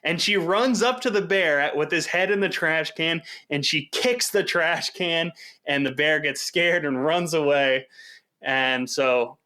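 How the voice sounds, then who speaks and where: A man co-hosting a podcast, telling a kitchen story in a casual, animated way and swearing freely. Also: a little high, unhurried. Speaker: podcast co-host.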